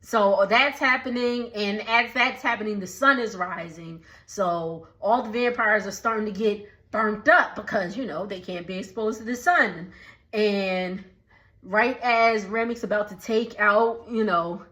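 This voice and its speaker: Slow, chatty woman recapping a film. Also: medium pitch, pushed and bright, rough recording. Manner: chatty, many fillers, acts out lines. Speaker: vlogger.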